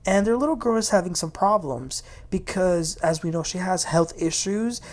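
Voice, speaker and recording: A woman's voice: on the low side, expressive, moderate pace, darkish tone. A woman hosting a casual, opinionated recap of a reality TV episode. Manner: chatty, opinionated, quotes the cast. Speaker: TV recap host.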